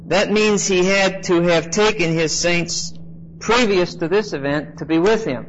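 A man preaching an expository Bible teaching, measured and emphatic, often pausing with "uh" and checking in with "okay?". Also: high voice. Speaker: pastor. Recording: slightly dull lo-fi sound with faint noise.

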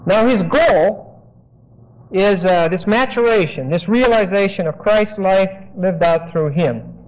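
A man's voice: sits high, unhurried. A man preaching an expository Bible lesson, explaining words and giving phrases for his listeners to write down. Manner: explanatory, dictates phrases for notes. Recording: dull lo-fi sermon recording.

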